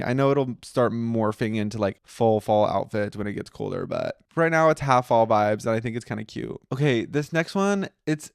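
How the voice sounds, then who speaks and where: A young American man hosts a podcast in a smooth, mid-range voice, recorded at studio quality with no room sound. In this casual solo chat he's playful, giddy and chatty, filling his talk with lots of "like."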